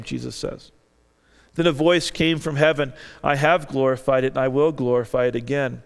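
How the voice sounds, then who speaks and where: A man's voice: a little high, vocal fry, smooth. A man preaching a sermon, earnestly reading scripture aloud and lifting his voice for the quoted lines. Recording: long reverb of a large hall.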